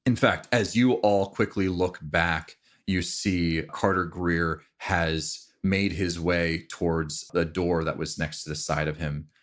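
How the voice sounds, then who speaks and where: A man narrating as game master in a relaxed, descriptive way, with fillers and restarts. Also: sits low, slow pace, hardly any pauses.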